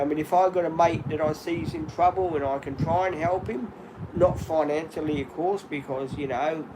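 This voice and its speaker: This is candid live-stream chat from a man in his fifties at home. His voice runs slightly high for a man, and he rambles openly while calling his viewers "guys," with constant background noise, clicks and a vehicle going by underneath.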